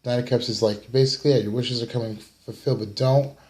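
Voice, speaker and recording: A man's voice: medium pitch, fairly even intonation, quick pace, darkish tone. A tired young man from the United States giving a casual weekly tarot reading, rambling and apologizing for his yawns. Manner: rambling, apologetic, yawning, fillers. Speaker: tarot reader. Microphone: camera mic.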